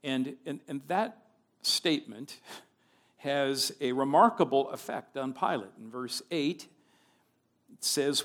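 Brief: male Bible teacher, unhurried and deliberate, explains as he reads. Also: mid-range voice.

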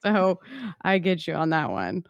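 A woman's voice: lowish voice, big pitch swings, unhurried, clear, resonant tone, no room sound, muffled recording. A woman chatting casually, musing on a story and laughing easily. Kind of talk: casual chat.

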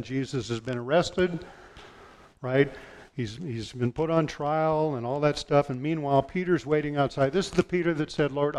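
Animated man preaching a sermon. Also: slight background noise. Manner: animated storytelling, drops low and quiet for quoted lines. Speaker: pastor.

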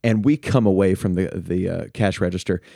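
A man's voice: low voice, fairly even intonation, a little fast, creaky, dark tone, dry recording, clean studio sound. A man hosting a podcast in casual chat, playful and teasing. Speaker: podcast host.

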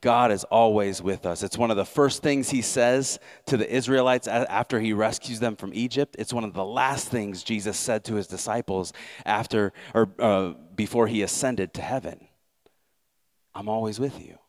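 A man's voice: lowish voice, moderate pace. A man preaching a sermon as pastor, earnest and repeating words as he builds each point.

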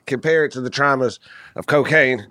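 A man co-hosting a casual chat, riffing in an animated, slangy, emphatic way. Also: medium pitch, fairly quick, no echo, studio quality. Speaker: podcast co-host.

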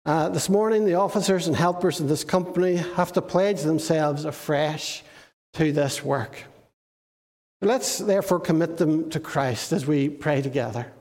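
Lively preacher, high voice. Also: male voice, measured pace, long reverb tail. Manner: lively storytelling, asks the children questions. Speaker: minister. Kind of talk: children's sermon and prayer.

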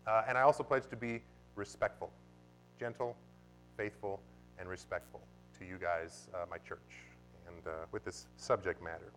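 A man preaching a sermon as pastor of his church, animated and sometimes bursting into loud exclamations. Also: deep voice, moderate pace, soft background music. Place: church sanctuary.

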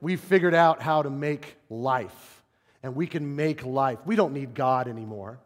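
Preacher voicing a swaggering scientist guy; brash, loud, reverberant room. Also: medium pitch, measured pace, natural voice. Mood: boastful. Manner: brash, boastful. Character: cocky male scientist who boasts he made life. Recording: long reverb of a large hall.

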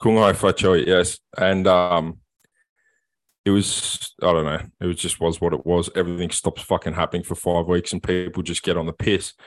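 A man, co-hosting a podcast and telling a long story in casual chat, sweary and animated. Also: sits low, moderate pace. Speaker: podcast co-host.

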